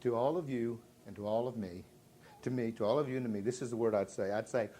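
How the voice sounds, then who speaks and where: A man's voice: medium pitch, fast talker, a little hiss or hum. A middle-aged man, from Virginia, giving a live motivational sales speech full of jokes and questions to the crowd. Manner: dramatic swings from loud to hushed, joking, audience call-and-response.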